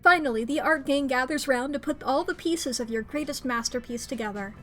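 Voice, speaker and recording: A woman streamer reading a dating game's text aloud, excitable and quick to squeal and gasp between lines. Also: high-pitched, faint music behind.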